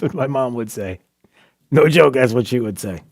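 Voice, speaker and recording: A man's voice: mid-range voice, lively intonation, normal speed, vocal fry. A man hosting a talk radio show, asking rhetorical questions and pressing his points with emphasis. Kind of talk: opinionated talk radio monologue and banter.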